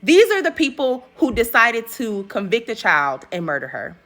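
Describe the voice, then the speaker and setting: A woman with a high, swooping voice recaps a movie in casual commentary. Her tone is bright and sharp, and she talks in an animated, slangy way, full of profanity and laughing asides. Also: moderate pace.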